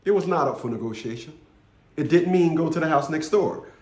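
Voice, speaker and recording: Brief: man, fifties, vlog rant, forceful and repetitive, slightly high voice, roomy echo. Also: lively intonation, fairly quick. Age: 50s. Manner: blunt, profane, commanding, repeats phrases for emphasis. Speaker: vlogger. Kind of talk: storytelling rant to camera.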